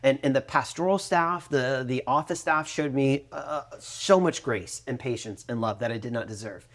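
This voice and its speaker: A man in his thirties co-hosting a faith podcast, telling a personal story in a lively way and acting out what others said. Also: medium pitch, moderate pace. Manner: animated storytelling, acting out quoted voices. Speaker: podcast co-host. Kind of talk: conversational testimony.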